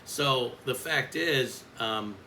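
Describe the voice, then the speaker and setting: A man's voice: mid-range voice, extremely slow, pushed and bright, a little hiss or hum, low-quality recording. A man who works as a coach, speaking in a bitter, blunt and profane vlog rant.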